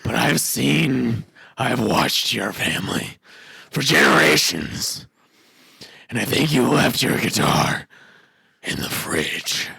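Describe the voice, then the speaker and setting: A man putting on an eerie, ancient presence that has watched a family for generations, speaking slowly and grandly. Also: mid-range voice, big pitch swings, gravelly, bright, forceful tone, husky, no room sound, studio quality, heavily acted. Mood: ominous. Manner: slow, looming delivery.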